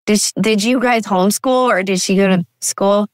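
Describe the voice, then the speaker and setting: A woman hosting a podcast, responding warmly and affirmingly to her guest in casual chat. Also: mid-range voice, moderate pace, dry recording, studio quality. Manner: warm, affirming, emotionally responsive. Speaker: podcast host.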